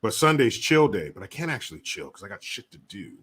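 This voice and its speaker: A man from the United States hosts a casual livestream, reading viewer messages aloud and chatting loosely with plenty of swearing, jokes and put-on voices. His fairly low voice is very animated, quick, a bit bright and breathy at the edges.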